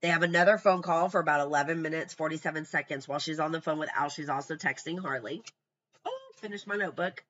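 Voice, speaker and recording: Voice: medium pitch, fairly even intonation, fast, hardly any pauses, muffled recording, crowd noise. A true crime commentator going through a timeline from notes in casual talk, blunt and scornful, with profane asides.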